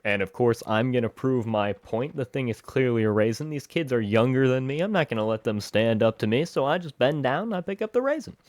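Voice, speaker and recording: A man telling a story from his school days in an animated, expressive vlog. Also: mid-range voice, a little fast, hardly any pauses, no room sound. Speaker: vlogger.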